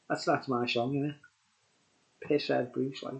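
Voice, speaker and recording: A man's voice: mid-range voice, fairly even intonation, a little fast, a little mellow, highs cut off. A tipsy man rambling through a casual beer review, chuckling often and dropping conspiratorial asides.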